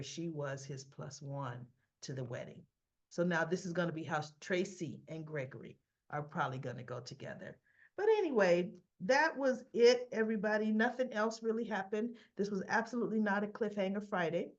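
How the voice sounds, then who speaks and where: A woman's voice: lowish voice, lively intonation, normal speed, highs cut off. A woman hosting a casual soap opera recap, chatty and rambling as she talks through the episode. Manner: chatty, rambling, acting out the characters' lines.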